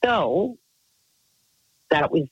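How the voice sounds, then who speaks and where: A woman's voice: sits low, sing-song, drawn-out words, breathy edge, no echo, dull audio. A woman caller rambles through a long personal story, piling on fillers and restarts. Her voice sounds close and dry, with no room around it. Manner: chatty, rambling, full of fillers.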